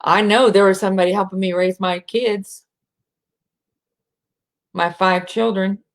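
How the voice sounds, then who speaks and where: A middle-aged American woman with a slight rural twang, speaking softly and reflectively as a spiritual speaker, sometimes dropping into a whisper to guide breathing. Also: medium pitch, steady tone. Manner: slow, soft, drops to a whisper at times.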